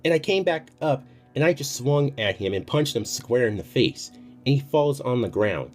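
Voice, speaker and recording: A man's voice: medium pitch, animated, normal speed. A man telling a personal story in a casual, chatty way, swearing freely. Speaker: storytime youtuber. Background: faint music.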